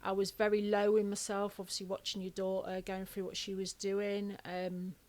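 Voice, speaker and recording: A woman's voice: medium pitch, monotone, normal speed, darkish tone. A woman talking as a podcast guest, earnest and open as she speaks plainly about hard times. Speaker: podcast guest, charity founder. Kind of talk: casual conversation.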